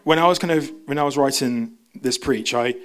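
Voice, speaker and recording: A young man preaches loosely in church, brisk and a bit bright in tone. He's chatty, keeps interrupting himself, and lifts his pitch to imitate the voices he quotes.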